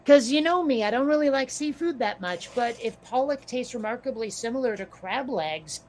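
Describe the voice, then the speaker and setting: A woman chatting casually as a podcast co-host, slightly hoarse from losing her voice, musing and questioning herself as she talks. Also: fairly high pitch, expressive, moderate pace, a little mellow. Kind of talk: casual chat.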